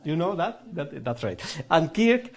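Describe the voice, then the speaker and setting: A man's voice: a little high, very animated, unhurried. A Spanish man with a Spanish accent and broken English, performing a playful live magic show with audience laughter and banter. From Spain.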